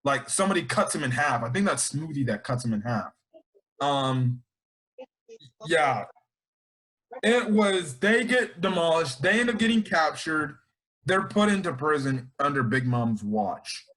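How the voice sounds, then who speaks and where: A man with a high voice talks through an anime review in casual chat. His pitch swings widely as he rambles, restarts and drops in slang. He sounds excitable throughout. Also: unhurried.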